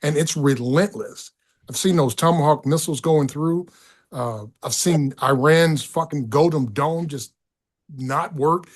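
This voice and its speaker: A middle-aged man talking as a podcast guest, excitable and profane, often stumbling over his words. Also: a little high, measured pace. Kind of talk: casual political chat.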